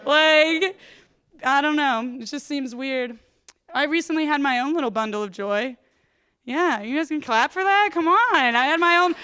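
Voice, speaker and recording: A woman's voice: sits high, normal speed, fairly bright tone. Self-deprecating woman doing stand-up. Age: 30s. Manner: rambling, self-deprecating, lots of "like". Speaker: stand-up comedian. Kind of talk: stand-up comedy set. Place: comedy stage.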